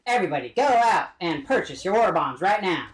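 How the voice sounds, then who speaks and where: A man's voice: high voice, sing-song, a little fast. A man putting on a 1940s wartime radio announcer. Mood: rousing. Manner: rousing, patriotic, declaiming. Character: old-fashioned male wartime radio announcer.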